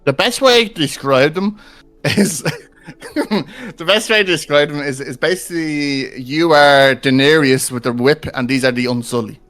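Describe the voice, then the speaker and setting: A man's voice: a little high, measured pace, a bit bright. Laughing male game master, faint music. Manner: loose, laughing, full of filler words. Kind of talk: narrating a tabletop game.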